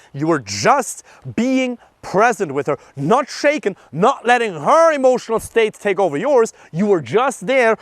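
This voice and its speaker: A man's voice: sits high, no echo. A young adult man, a dating coach, giving blunt and emphatic advice in a direct monologue, swearing for emphasis.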